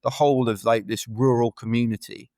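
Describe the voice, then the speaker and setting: In a mid-range, dark-toned voice with fairly even intonation, this UK ultra runner talks briskly, free of room sound. As a podcast guest in a laid-back interview, he rambles through chatty stories loaded with fillers.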